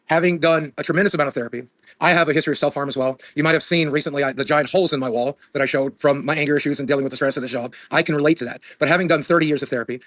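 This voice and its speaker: A man streamer makes his point quickly in a slightly raised voice, polite and measured in tone. The sound is dry. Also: fairly high pitch, a bit bright, dry recording. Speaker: streamer in a played clip. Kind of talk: calm stream debate.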